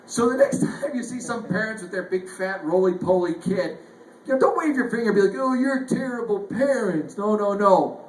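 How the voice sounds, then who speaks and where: Male stand-up, high voice, chuckles a lot, echoey club. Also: fairly quick. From Northern Ireland. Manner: chuckles through lines, animated retellings. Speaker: stand-up comedian. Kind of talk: stand-up comedy set. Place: comedy club stage. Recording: echoey club, faint noise.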